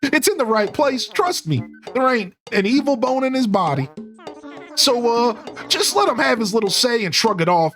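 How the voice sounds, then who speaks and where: A man's voice: very high voice, very animated, moderate pace, a bit bright, faint music behind, exaggerated voice. A man voicing an older male mole with a put-on New Jersey accent, reading game dialogue in a folksy, rambling, earnest way. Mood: reassuring. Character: older male mole, apologetic easygoing brother.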